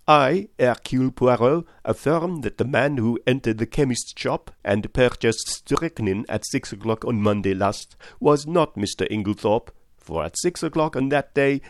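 A man's voice: medium pitch, no room sound, studio quality, natural voice. A man voicing a precise, theatrical older male detective with formal, stagey delivery, in an audiobook reading.

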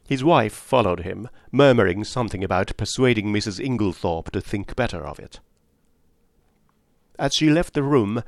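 A man reading a novel aloud in a measured storytelling manner. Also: on the low side, vocal fry, dry recording, studio quality. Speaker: audiobook narrator. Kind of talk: scripted narration.

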